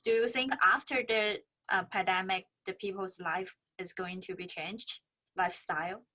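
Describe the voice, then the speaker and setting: A woman with a bright, sharp voice hosts the interview. She asks her questions politely in plain, simple phrasing, with a few fillers. Her pitch sits in the middle range. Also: fairly even intonation, normal speed.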